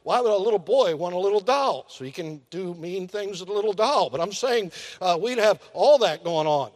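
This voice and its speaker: A man's voice: high voice, animated. An older man preaching a folksy sermon, drawing out key words and acting out little scenes. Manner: folksy preaching with drawn-out emphasis and acted-out asides. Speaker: pastor. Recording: long hall reverb.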